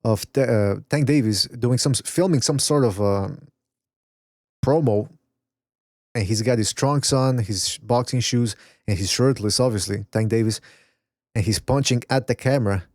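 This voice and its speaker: A man's voice: medium pitch, unhurried, a little mellow, dry recording, studio quality. A man hosting a casual boxing podcast, rambling, swearing and reading chat messages aloud. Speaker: podcast host. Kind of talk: casual live-stream chat.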